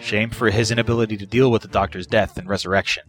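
A man narrating fan fiction in a steady, measured way. His voice sits low, and soft music plays faintly underneath. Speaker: reader.

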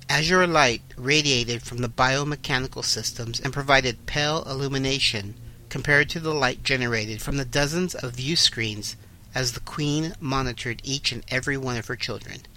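Male host-narrator, bright and forward, even mid-range voice. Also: medium pitch, a little hiss or hum, poor audio. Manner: announcing, then steady narration. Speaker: host and reader. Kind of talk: fan audio story reading.

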